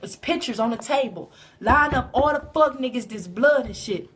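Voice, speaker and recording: A woman livestreaming a profane comic story on her phone, rambling and growing loud and shrill when worked up. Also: lively intonation, normal speed. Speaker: livestream comedian. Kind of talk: comic storytelling on a live stream.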